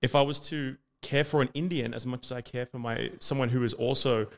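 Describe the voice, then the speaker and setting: A man's voice: mid-range voice, fairly even intonation, a little fast, creaky. A man from Australia with an Australian accent, arguing in a debate in long run-on sentences with frequent fillers. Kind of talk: argumentative debate monologue.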